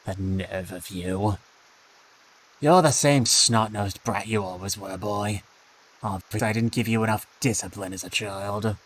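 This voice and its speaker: A man's voice: fairly low pitch, unhurried, slight background noise, lightly acted, poor audio. A man voicing a stern, scornful older father in a game, delivering clipped, contemptuous scolding.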